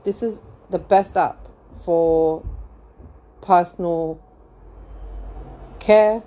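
Slow, mellow-voiced young woman chatting. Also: lowish voice, fairly even intonation. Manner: rambling, laughs often, many fillers. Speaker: podcast host. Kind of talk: casual gossip chat.

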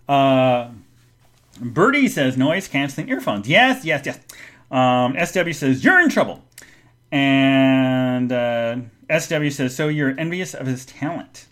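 Animated male podcast host, lively voice. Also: medium pitch, slow pace. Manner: animated, addresses the audience directly; reads and answers listener chat comments. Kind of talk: live-show storytelling.

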